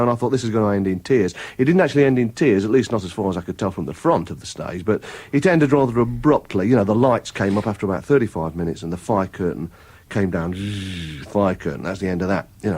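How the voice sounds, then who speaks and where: A man's voice: lowish voice, a little mellow, slightly rough. A man chatting casually on a radio show as a regular contributor, rambling through anecdotes and mimicking voices for comic effect.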